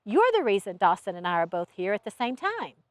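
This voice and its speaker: A woman's voice: medium pitch, huge pitch swings, brisk, no echo. A woman voicing Alex, a wary, heartbroken young innkeeper who speaks in a curt, suspicious way.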